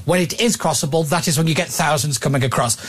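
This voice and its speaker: A man with a fairly high voice argues his point hard and with feeling. He presses on, repeating words to drive each point home. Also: quick pace, breathy edge. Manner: forceful, emphatic, repeats himself when making a point. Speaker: political commentator guest. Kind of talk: heated political debate.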